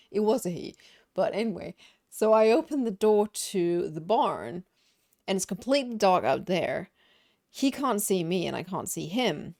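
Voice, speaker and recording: Streamer lady at her home desk, lowish voice, lots of laughing and restarting mid-sentence, chatty storytelling. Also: unhurried. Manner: animated, laughing often, many restarts. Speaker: live streamer. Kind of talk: casual storytelling to a live stream chat.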